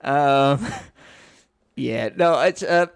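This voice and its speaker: A man's voice: mid-range voice, drawn-out words, gravelly, smooth. A man co-hosting a podcast in casual chat, joking dryly and laughing often. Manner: playful, laughs often, dry jokes. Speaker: podcast co-host.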